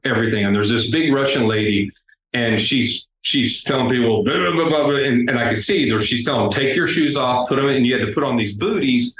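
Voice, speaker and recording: A man, a guest on an interview, telling a travel story in a casual, animated way. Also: medium pitch. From United States. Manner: animated, acts out the people in his story. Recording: roomy with faint background noise.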